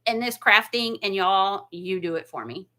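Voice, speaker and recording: A woman's voice: medium pitch, moderate pace, bright, forceful tone. A woman hosting a casual craft livestream, chatty and gushing, laughing often and close to tears. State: near tears. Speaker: craft channel host.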